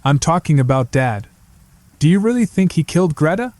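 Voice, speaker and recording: A man's voice: fairly high pitch, sing-song, a little fast, darkish tone, dry recording, voice pushed up. A man voicing an anxious young man who keeps pressing his brother with hesitant questions. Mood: uneasy.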